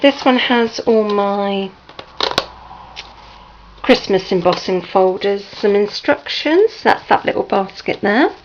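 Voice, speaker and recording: Slow, croaky woman on a home video. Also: medium pitch, expressive. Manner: slow, hesitant and apologetic, with many ums. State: hoarse from a sore throat. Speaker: crafting vlogger. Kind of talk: casual room tour vlog. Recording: dull lo-fi home video with faint noise.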